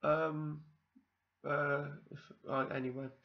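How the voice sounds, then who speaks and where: A man's voice: fairly high pitch, flat delivery, takes it slowly, dull audio. A man from South Wales with a Welsh accent, telling a meandering personal story full of ums and asides. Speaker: vlogger. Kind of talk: rambling personal anecdote.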